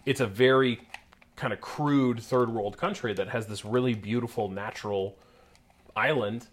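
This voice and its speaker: A man's voice: medium pitch, normal speed. A young man co-hosting a casual podcast, rambling and self-deprecating with many fillers. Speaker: podcast co-host.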